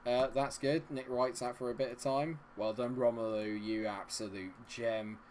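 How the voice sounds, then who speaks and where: Excitable man hosting a game livestream. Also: mid-range voice, normal speed, a little hiss or hum. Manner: excitable, cheers loudly at the game. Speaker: gaming livestream host. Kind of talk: live gameplay commentary and chat reading.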